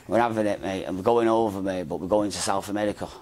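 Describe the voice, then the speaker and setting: A man's voice: low-pitched, fairly even intonation, fast, darkish tone. A man telling his story in an interview, rambling and slangy, with a habit of repeating himself. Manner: rambling, slangy, repeats "mate" and "do you know what I mean". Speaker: interview guest.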